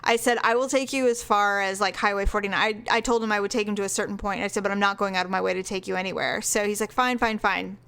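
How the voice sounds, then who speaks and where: A woman co-hosting a podcast, telling a bad-date story in a frank, animated way, acting out the dialogue and laughing often. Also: medium pitch, fast talker, gravelly, few pauses, clear, resonant tone. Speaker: podcast co-host. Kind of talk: casual storytelling chat.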